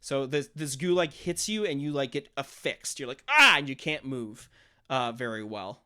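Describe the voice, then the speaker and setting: A man's voice: mid-range voice, normal speed, a bit bright, clear, resonant tone. A man narrating a tabletop role-playing game as game master, explaining rules and acting out monster noises.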